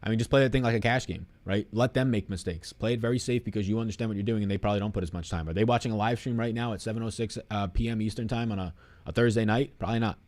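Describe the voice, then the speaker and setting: A man's voice: on the low side, racing, darkish tone. A young man hosting a live stream, casually answering chat questions in a rambling, swearing, off-the-cuff way.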